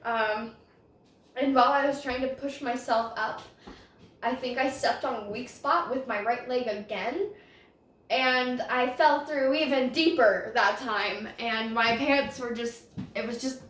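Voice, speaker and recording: Podcast host: young woman, rambling self-conscious storyteller, bright high voice, sits back from the mic. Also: measured pace, far from the mic. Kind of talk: casual storytelling. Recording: roomy echo, voice off-mic.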